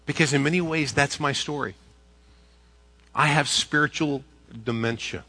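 A male pastor preaching a sermon. His voice is somewhat high and very bright as he speaks in an earnest, personal way. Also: normal speed, slightly rough, soft background music.

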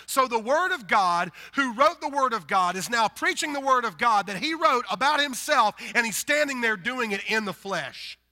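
A man from the Deep South with a Southern accent, preaching a sermon in an animated, emphatic way, swinging between loud bursts and quiet stretches. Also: moderate pace, few pauses. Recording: long hall reverb.

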